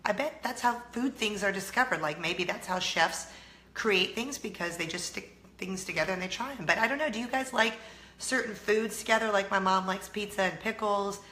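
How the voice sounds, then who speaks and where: A woman's voice: mid-range voice, moderate pace, bright, forceful tone, roomy sound. A middle-aged American woman hosting a casual chatty vlog, bubbly and self-teasing, laughing often. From United States. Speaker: vlog host.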